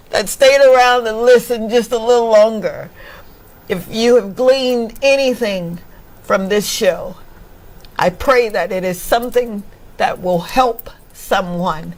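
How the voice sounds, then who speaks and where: A woman's voice: on the high side, takes it slowly. A woman talk show host from Mississippi, emotional and laughing often as she thanks her audience. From Mississippi, USA. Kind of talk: casual chat.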